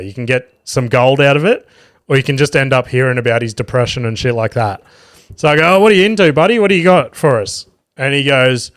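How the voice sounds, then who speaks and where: A man's voice: medium pitch, no echo. Man, podcast host, casual rambling chat, frequent swearing, dry close sound. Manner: swears freely, rambling storyteller. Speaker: podcast host and stand-up comedian.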